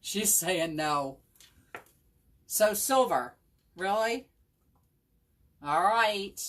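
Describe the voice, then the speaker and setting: A woman's voice: mid-range voice, expressive, very slow, fairly bright tone. A woman running a live crafting tutorial at home, chatting with viewers, thinking aloud and answering them by name. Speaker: chalk craft demonstrator. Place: home craft table with her dog at her feet.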